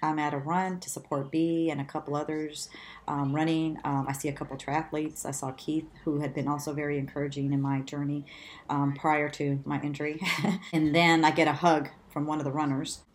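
Woman guest, low voice, chatty storyteller who laughs a lot and acts out quotes. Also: a little fast. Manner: animated, laughs often, acts out quotes in a much higher voice. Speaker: interview guest. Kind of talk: conversational storytelling.

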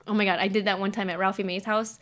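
A woman's voice: medium pitch, level tone, quick pace, fairly bright tone. A woman hosting a podcast, chatty and self-mocking, often laughing in casual talk. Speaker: podcast host.

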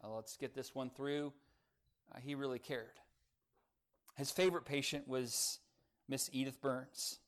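A male pastor preaching a sermon, telling a story earnestly with dramatic pauses. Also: medium pitch, steady tone.

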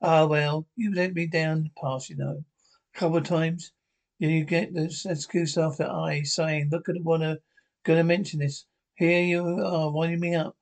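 An actor playing a rueful old Scottish pensioner. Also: male voice, fairly high pitch, level tone, moderate pace, close to an everyday voice. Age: 70s. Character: lonely old male Scottish pensioner, let down by son. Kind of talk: sitcom acting.

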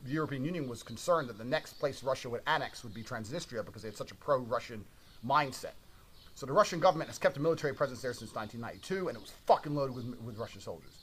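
A man's voice: mid-range voice, slight background noise. A man telling a story in a casual monologue, brash and swearing constantly.

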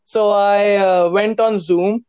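A man's voice: sits high, steady tone, slow pace, darkish tone, clean tone, no room sound. A teenage boy hosting a casual chat, giggling often and exclaiming a lot. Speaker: podcast host.

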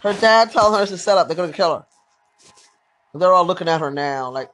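Excitable, swearing movie-reaction podcaster. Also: medium pitch, fairly quick. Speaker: podcast host. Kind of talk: casual live movie reaction commentary.

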